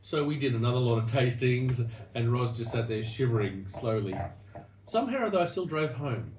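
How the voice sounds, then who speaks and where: A man's voice: medium pitch, expressive, fairly quick, darkish tone. Australian man, distant and echoey. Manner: rambling storyteller with many restarts. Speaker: wine show host. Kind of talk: casual wine-tasting chat. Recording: echoey room, distant mic, noisy.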